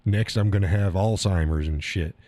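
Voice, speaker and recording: Tired, crude older male host in his 60s, low voice, dry close mic. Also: normal speed, mellow, no room sound. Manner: crude, rambling, reads chat aloud, laughs often. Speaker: live stream host. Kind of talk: casual live-stream chat.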